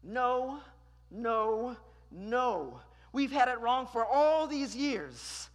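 A preacher delivering a sermon, dramatic and questioning, who swings between loud declarations and hushed lines. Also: medium pitch, big pitch swings, slow. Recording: long reverb in a large hall.

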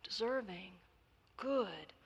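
A woman's voice: mid-range voice, animated, extremely slow, vocal fry, breathy edge, full character voice. A woman voicing an earnest disciple in a read parable, raised and explaining, in a reverberant hall. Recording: long reverb of a large hall.

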